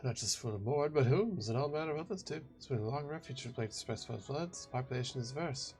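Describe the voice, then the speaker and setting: A man's voice: medium pitch, expressive, quick pace, a little mellow, faint music behind. A man playing a video game and casually chatting, joking and reacting to the characters. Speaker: let's play gamer.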